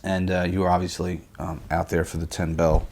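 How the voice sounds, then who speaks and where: A male interview host with a very low voice. He asks his questions slowly and hesitantly, with many fillers. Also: level tone, a little mellow, slight background noise.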